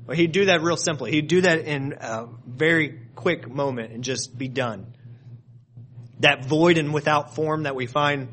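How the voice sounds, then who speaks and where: A man preaching a sermon, earnest and conversational, building to loud emphatic peaks and then dropping to soft, low asides. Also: normal speed, slight background noise. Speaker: pastor.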